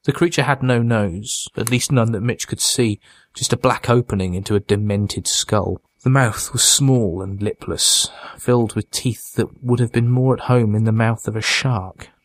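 A man reads a horror story aloud in a measured, dramatic way. His voice sits low and steady. The recording is close and dry, with no room echo. It is a scripted audiobook narration.

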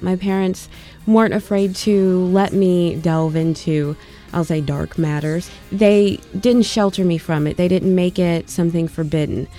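A woman narrating a story expressively and measured, then reflecting on it. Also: fairly low pitch, mellow. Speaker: audiobook narrator.

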